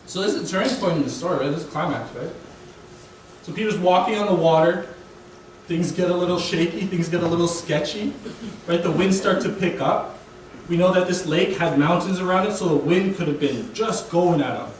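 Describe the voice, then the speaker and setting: A young man preaches in a relaxed, chatty way, often pausing to ask "right?". His voice sits a bit high for a man. It is picked up from a distance in a booming, echoey hall, with a faint hiss underneath. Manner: casual, keeps asking "right?". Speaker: guest preacher. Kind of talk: conversational sermon. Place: church sanctuary.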